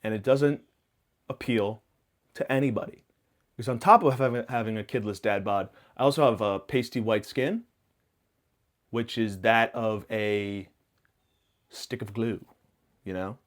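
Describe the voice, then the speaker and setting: A man hosting a podcast, rambling through a self-mocking comic monologue full of absurd tangents and deadpan hot takes. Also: fairly low pitch, a little slow, pauses often. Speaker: podcast host.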